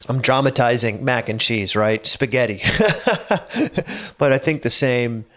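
A man's voice: mid-range voice, fairly even intonation, a little slow, a bit bright. Chatty male podcast host. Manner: casual storytelling with chuckles and hesitations. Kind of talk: solo podcast monologue. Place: home studio.

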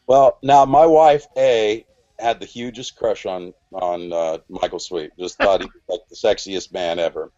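A man's voice: low-pitched, measured pace, warm tone, dull audio. A man in his forties telling a story on a podcast, rambling and restarting, acting out quoted lines. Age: 40s. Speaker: podcast guest. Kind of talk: casual storytelling.

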